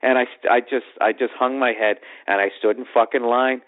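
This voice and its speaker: A man's voice: mid-range voice, steady tone, normal speed. A man with a Boston accent telling a comic story on his podcast in a profane, exasperated ranting manner. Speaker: podcast host. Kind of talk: comedic storytelling monologue. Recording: tinny phone-like podcast audio.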